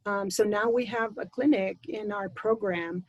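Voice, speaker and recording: A woman's voice: medium pitch, steady tone, normal speed, no echo, dull audio. A woman who teaches speech pathology, talking casually on a panel, with frequent ums. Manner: conversational, many ums. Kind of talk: panel introduction, casual storytelling.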